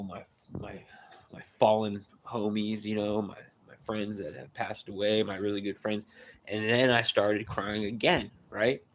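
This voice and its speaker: A man on a live stream, rambling through a story with many restarts and tag questions, getting louder and higher as he gets worked up. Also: a little hiss or hum. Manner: rambling, repeats "right?" and "dude", many restarts; grows loud and high-pitched when excited.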